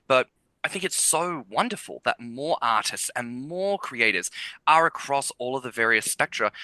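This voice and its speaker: A man's voice: mid-range voice, pushed and bright, no room sound, poor audio. A man co-hosting a podcast and interviewing a guest in a casual style, enthusiastic and profane, asking long rambling questions. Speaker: podcast co-host.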